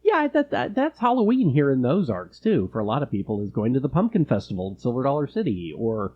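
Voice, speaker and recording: A middle-aged man co-hosting a podcast in a chatty, laughing way, telling stories with lively energy. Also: mid-range voice, fast, husky, highs cut off. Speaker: podcast co-host. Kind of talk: casual chat.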